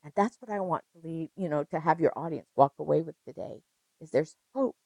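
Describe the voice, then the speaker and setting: A woman's voice: low voice, a little fast, vocal fry, warm tone, no echo, dull audio. An older woman, a registered nurse, telling stories emphatically in an interview and repeating phrases for effect. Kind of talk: conversational interview.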